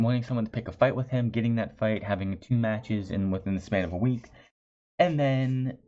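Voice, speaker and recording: A man with a medium-pitched, slightly mellow voice reviews a wrestling show, chatty and sarcastic, frequently restarting his phrases. The recording is dull and lo-fi.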